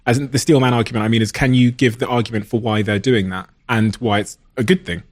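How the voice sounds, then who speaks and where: A man's voice: mid-range voice, steady tone, fast. A man hosting an interview, asking curious, searching follow-up questions. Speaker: host. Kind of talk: conversational interview.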